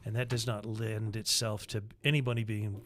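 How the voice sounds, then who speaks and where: A man's voice: lowish voice, flat delivery, normal speed, a bit bright, slight background noise. Matter-of-fact male podcast co-host. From Utah, United States. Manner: matter-of-fact, explaining in long runs. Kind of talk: casual political chat.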